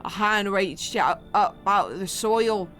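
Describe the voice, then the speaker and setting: A rough, spooked grave digger from a horror game rambles in a folksy British-sounding drawl, as a woman puts him on. The voice sits at a middling pitch and moves unhurriedly, with faint music underneath. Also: expressive, measured pace, a bit bright. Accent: British-sounding put-on. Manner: rough folksy drawl, stumbling over words. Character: weary gruff male grave digger.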